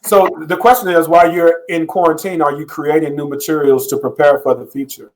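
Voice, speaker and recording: A man's voice: fairly high pitch, fairly even intonation, a little fast, low-quality recording. A middle-aged man, hosting a casual interview, cheering and teasing his guest. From Atlanta, US. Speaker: coach and interview host.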